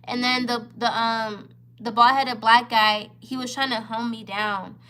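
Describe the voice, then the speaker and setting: Speaking unhurriedly in a slightly high, steady voice with a bright, forceful tone, a woman in her twenties vlogs a storytime to camera. She's upset and near tears, and her retelling is heated, profane and emphatic.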